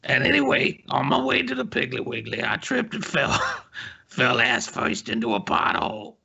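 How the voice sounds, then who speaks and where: A man doing an impression of a goofy bearded man who rambles through a silly story, gravelly and breathy, on dull lo-fi podcast audio. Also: mid-range voice, huge pitch swings, moderate pace, sharp tone, heavily acted. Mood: rambling, goofy. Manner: rambling, chuckling through the tale.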